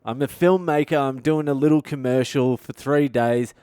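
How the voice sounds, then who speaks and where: A man's voice: medium pitch, normal speed, warm tone, clean tone, dry recording, clean studio sound, lightly acted. A man voicing a polite male Indian filmmaker with an Indian accent, explaining things patiently over the phone.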